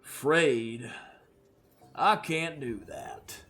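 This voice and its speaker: A man's voice: fairly bright tone, faint music behind. A man doing a drawling space cowboy. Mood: cool threatening. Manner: slow, low, laconic drawl. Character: cool, drawling space cowboy bounty hunter.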